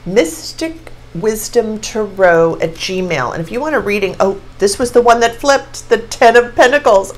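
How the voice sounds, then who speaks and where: A woman in her sixties giving a casual tarot reading to camera, excitable and gushing as she exclaims over each card. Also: mid-range voice, measured pace, hardly any pauses, a little hiss or hum, rough recording. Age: 60s. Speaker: tarot reader.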